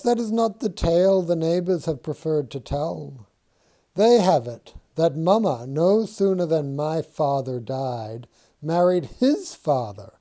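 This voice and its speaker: Dry, direct young quaker woman put on by a man, storybook, slow, mellow. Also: on the high side, voice pushed up.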